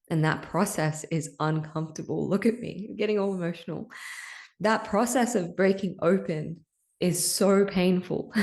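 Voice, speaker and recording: Low raspy-fry woman host rambling raw and emotional about spirit stuff, cusses, laughs a lot. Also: darkish tone. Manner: raw, emotional, swears casually, laughs often. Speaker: podcast host. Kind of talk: candid spiritual monologue.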